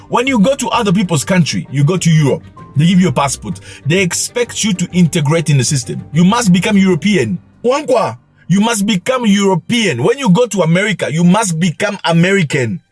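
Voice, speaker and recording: A male vlog host giving opinionated commentary in an animated, lecturing way, with mocking asides. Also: sits high. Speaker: channel host.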